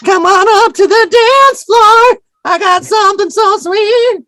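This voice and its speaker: A shrill, wobbling mock old-lady diva voice, put on by a man. It warbles high and slow, teasing and over the top. The sound is a bit distant from the mic. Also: pushed and bright, no room sound, studio quality, exaggerated voice. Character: high shaky older woman pop singer impression.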